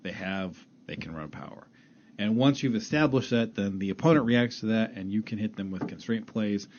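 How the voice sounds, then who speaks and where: A man's voice: on the low side, moderate pace, a little mellow, a little hiss or hum. A man breaking down football plays in detail as an analyst on a sports radio talk show, speaking from a studio. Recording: dull lo-fi radio broadcast.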